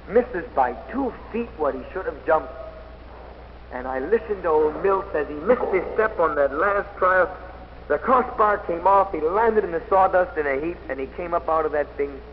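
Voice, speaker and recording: Man, athlete, inspirational speech, dramatic storytelling, loud then hushed, slightly high voice, faint hiss. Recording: old dull recording in an echoey hall with faint noise.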